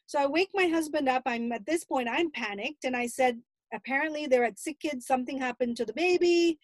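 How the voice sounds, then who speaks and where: A middle-aged grandmother giving an earnest, animated personal account in an interview. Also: sits high, fairly quick, no echo.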